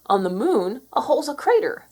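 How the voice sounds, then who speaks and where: A woman voicing a bossy, excitable cow in a children's storybook, talking high and lively. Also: normal speed, slightly rough. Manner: bossy, exclaiming. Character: excitable know-it-all cow, female.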